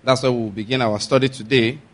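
A man's voice: medium pitch, fairly even intonation, a little fast. A Nigerian man preaching, who talks in a loose, conversational way with restarts and asides. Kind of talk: sermon.

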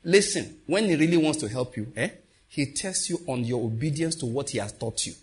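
A man preaching a sermon with lively call-outs to his congregation. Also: mid-range voice, a little fast, husky. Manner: animated preaching with call-outs and acted quotes.

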